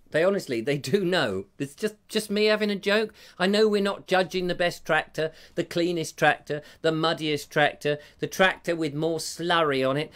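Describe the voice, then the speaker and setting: A man's voice: high-pitched, a bit bright. A man hosting a live stream, reading out viewer comments in a jokey, rambling, self-mocking way. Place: home room with a fire.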